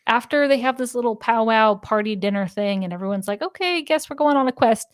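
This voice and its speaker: A woman's voice: on the high side, lively intonation, clean tone, no echo. Give me a woman podcast co-host with a wry, sarcastic way of summarizing a story, recorded close and dry. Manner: brisk, wry plot recaps with dry sarcasm. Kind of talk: casual book-club chat, summarizing plot.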